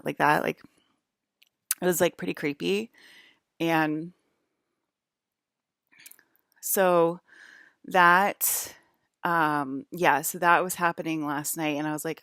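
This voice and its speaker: A woman's voice: sits low, steady tone, moderate pace, gravelly, pauses often, fairly bright tone, no echo, studio quality. A woman vlogging in a casual, rambling monologue, filling every phrase with "like" and restarting her sentences. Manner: rambling, heavy use of "like", frequent restarts.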